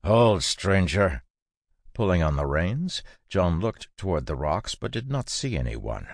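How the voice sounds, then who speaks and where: Man, audiobook narrator, extremely deep voice, dry close sound, measured steady storytelling. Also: vocal fry, no room sound. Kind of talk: scripted fantasy audiobook narration.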